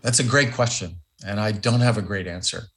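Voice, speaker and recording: A man's voice: on the low side, fairly quick, fairly bright tone. Emphatic middle-aged man guest. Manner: thoughtful, emphatic, with fillers and restarts. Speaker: interview guest, former ambassador. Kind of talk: radio interview.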